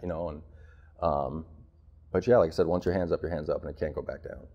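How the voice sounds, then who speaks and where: A man's voice: sits low, steady tone, racing, a little mellow, muffled recording. A man in his thirties from Arizona, talking candidly as an interview guest about his time in prison, blunt and full of street slang. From Arizona, United States. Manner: blunt, streetwise slang, frequent "bro" and "you know".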